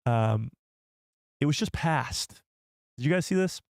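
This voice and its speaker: Brief: excitable male streamer, rambling casual chat with viewers, very dry close sound. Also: mid-range voice, unhurried, creaky, no echo. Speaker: live stream host.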